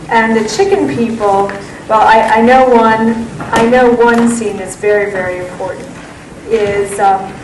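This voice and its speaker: A woman's voice: fairly high pitch, recorded from a distance, noisy background. A woman author giving a lecture and answering questions, telling stories with enthusiasm. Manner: enthusiastic, animated storytelling. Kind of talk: public talk and Q and A. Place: lecture room. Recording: echoey hall, voice from afar.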